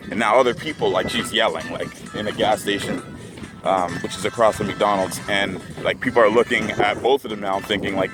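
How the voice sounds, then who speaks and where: Young man rambling over music. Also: fairly low pitch. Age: young adult. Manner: rambling, heavy filler words. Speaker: vlogger. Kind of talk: casual storytelling.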